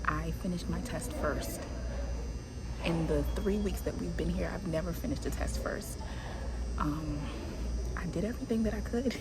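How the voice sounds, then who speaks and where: A woman's voice: fairly low pitch, normal speed, pauses often, very noisy. A woman vlogging casually to the camera about her training, chatty and venting, saying y'all. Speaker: vlogger in flight attendant training. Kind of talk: casual vlog talk to camera.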